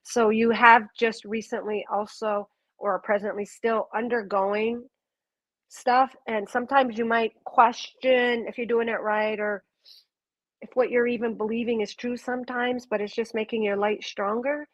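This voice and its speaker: A woman's voice: on the high side, flat delivery, moderate pace, no room sound, highs cut off. A woman giving a live intuitive reading to a viewer, earnest and gushing, rambling through restarts. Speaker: intuitive reader.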